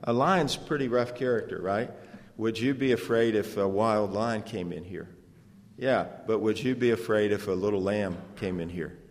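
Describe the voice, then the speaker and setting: A man's voice: on the low side, normal speed. A man preaching an expository sermon, earnestly asking the congregation rhetorical questions. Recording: long hall reverb.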